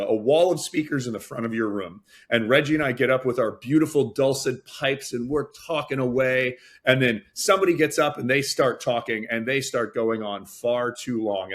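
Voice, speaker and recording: A man who works as a fundraising auctioneer, talking energetically on a webinar and acting out announcements as he tells his stories. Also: medium pitch. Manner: energetic, storytelling, acts out announcements. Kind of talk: webinar talk, explaining.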